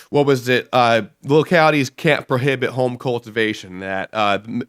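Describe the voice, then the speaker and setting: A man's voice: medium pitch, fairly bright tone. A man hosting an activist talk show, giving emphatic and indignant political commentary. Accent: American. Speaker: show host.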